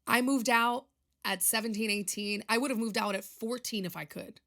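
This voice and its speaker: A woman's voice: a little high, steady tone, moderate pace, pushed and bright. A young woman, chatting on her own podcast in a rambling, confessional, emotional way. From Long Island, New York. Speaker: podcast host. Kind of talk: casual solo podcast chat.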